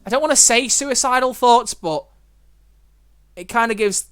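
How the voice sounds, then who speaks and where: A man's voice: extremely high pitch, normal speed, smooth. A young man hosting a let's play, reading a visual novel aloud and reacting in a chatty, fretting way. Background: soft game music.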